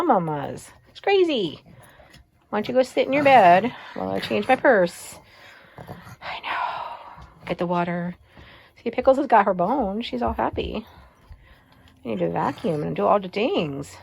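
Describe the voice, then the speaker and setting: Gravelly-voiced woman vlogger from Oregon. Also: medium pitch. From Oregon, USA. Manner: chatty, rambling, laughs often. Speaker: lifestyle vlogger. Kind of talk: casual chat to camera. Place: at home.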